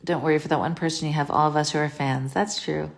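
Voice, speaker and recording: Woman, low gravelly voice, livestream Q&A host; chatty, scattered, reads comments aloud then answers. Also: fairly even intonation, quick pace. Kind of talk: casual livestream Q&A.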